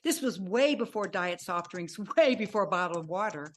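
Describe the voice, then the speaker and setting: A woman in her sixties, a podcast guest telling her life story in an animated way and acting out remembered dialogue. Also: medium pitch, normal speed, slight background noise. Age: 60s. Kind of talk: personal storytelling.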